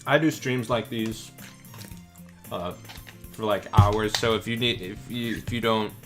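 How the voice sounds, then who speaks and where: A man's voice: fairly low pitch, steady tone, a little slow, over music. Joking, laughing male game streamer. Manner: jokey, laughs often, rambling tangents. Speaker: streamer host. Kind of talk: casual let's-play chat.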